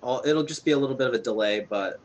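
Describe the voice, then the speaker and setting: A man's voice: medium pitch, fast, darkish tone. A man co-commentating a game tournament casually, chatty and analytical. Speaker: tournament co-caster.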